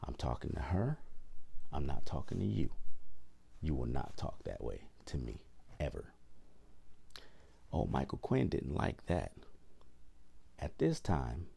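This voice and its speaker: A man with a very deep, heavily gravelly voice tells his own story as a podcast host. His delivery is indignant and emphatic, with lively swings of pitch as he acts out quoted lines. The tone is dark and slightly husky. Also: takes it slowly, long pauses. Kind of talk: personal storytelling monologue.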